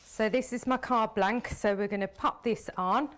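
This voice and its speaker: A woman's voice: a little high, fairly even intonation, normal speed, fairly bright tone, a little hiss or hum. A woman demonstrating card making on a live stream, chatting as she works with her hands. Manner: chatty, talks while working with hands. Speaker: craft demonstrator.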